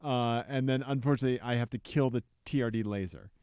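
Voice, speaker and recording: A man's voice: mid-range voice, quick pace, a little mellow, smooth, no room sound. A young man from Missouri co-hosting a car podcast, joking around as he reads listener submissions aloud. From Missouri, USA. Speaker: podcast co-host. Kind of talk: casual podcast banter.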